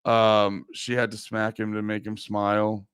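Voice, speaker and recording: A man's voice: fairly low pitch, monotone, a little slow, a bit bright, clear, resonant tone, no room sound, studio quality. A man in his thirties hosting a livestream, rambling casually with profanity and frequent laughs. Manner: profane, self-mocking, laughs often. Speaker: livestream host.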